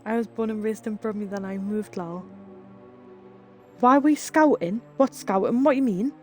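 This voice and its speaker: A woman's voice: mid-range voice, moderate pace, faint music behind. A young woman with a Geordie accent chatting casually with viewers on a live stream, reading chat aloud, swearing and laughing as she goes. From Northeast England.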